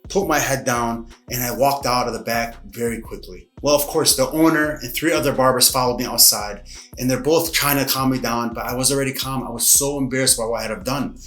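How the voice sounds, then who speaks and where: A middle-aged man, a martial arts coach, telling a story casually to camera in a lively, dramatic way, recorded in his academy. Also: medium pitch, a little fast. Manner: lively, dramatic retelling with acted-out quotes. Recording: echoey room, faint music behind.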